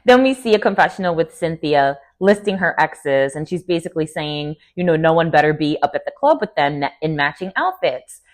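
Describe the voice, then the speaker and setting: A young woman casually recapping a reality show in a chatty, gossipy way, often slipping into quick playful quotes. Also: deep voice, lively intonation. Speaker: TV recap vlogger.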